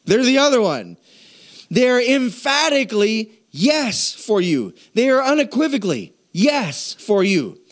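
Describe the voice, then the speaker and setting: Animated high-voiced preaching man. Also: measured pace. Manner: animated, emphatic preaching with sudden shouted yeses. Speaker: pastor. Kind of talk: sermon.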